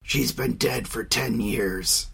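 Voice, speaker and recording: A narrator playing a feverish, guarded man who answers tersely in a lowered voice. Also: takes it slowly, creaky, a bit bright, husky, exaggerated voice. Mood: curt.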